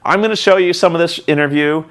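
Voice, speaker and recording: A man's voice: on the high side, quick pace, fairly bright tone. Rambling, profane male vlogger. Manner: rambling, profane, self-mocking. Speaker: vlog host and reviewer. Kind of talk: casual storytelling vlog.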